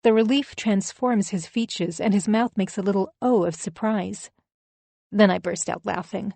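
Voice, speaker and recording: A woman's voice: medium pitch, moderate pace, a little mellow, no echo. Woman narrating a thriller, dry close sound. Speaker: audiobook narrator. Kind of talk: first-person scripted narration.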